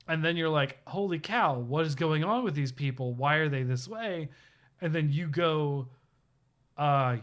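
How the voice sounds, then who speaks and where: A man co-hosting a live stream, telling a game story in casual chat with lots of fillers and acted-out quotes. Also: fairly high pitch. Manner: animated storyteller, acts out quotes, many fillers. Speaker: podcast co-host. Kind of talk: casual chat about video games.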